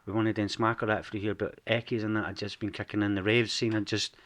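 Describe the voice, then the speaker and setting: Frank Edinburgh Scottish man, lowish voice. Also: level tone, fast, fairly bright tone. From Scotland. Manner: frank storytelling, swears freely. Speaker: guest. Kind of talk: casual podcast interview.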